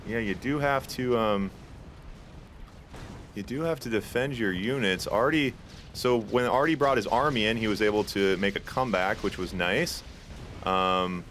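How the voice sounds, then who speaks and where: A man casting an online strategy game tournament, casual and chatty, climbing higher and louder when the action heats up. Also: slight background noise. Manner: excitable, rises sharply in pitch at big plays; casual, chatty with filler words. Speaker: tournament caster. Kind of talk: esports play-by-play commentary.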